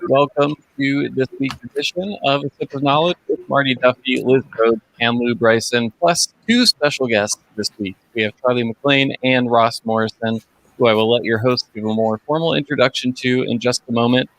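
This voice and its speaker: A man's voice: medium pitch, normal speed, gravelly, fairly bright tone, slight background noise, rough recording. Friendly man introducing a live stream. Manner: friendly, instructive. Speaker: event producer.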